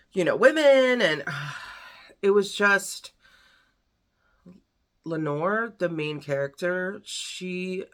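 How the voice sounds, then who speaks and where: A woman talking casually through her recent reads as a book vlogger, rambling and animated, with lots of fillers. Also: lowish voice. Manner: chatty, rambling, many fillers. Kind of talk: casual book review chat.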